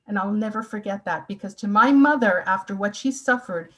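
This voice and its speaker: A woman's voice: mid-range voice, brisk, poor audio. A woman in her sixties gives a personal testimony talk, telling her family's story with earnest, emotional emphasis. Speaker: speaker.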